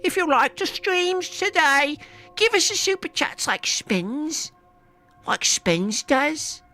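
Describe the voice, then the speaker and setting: A man's voice: extremely high pitch, big pitch swings, slow, pushed and bright, faint music behind, voice pushed up, heavily acted. A man putting on a mock British accent, voicing a wheedling male street beggar who pleads over and over and keeps coughing. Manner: wheedling, repetitive begging. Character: high-pitched cockney-style male street beggar, pleading.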